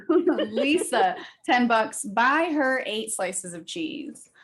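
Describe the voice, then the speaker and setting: A woman's voice: a little high, animated, extremely slow, fairly bright tone. Chipper woman reading donations. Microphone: video call.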